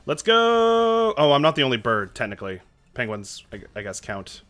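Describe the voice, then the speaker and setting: A man streaming a video game live, reacting excitably and chatting to his viewers. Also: on the low side, a little fast. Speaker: Twitch streamer.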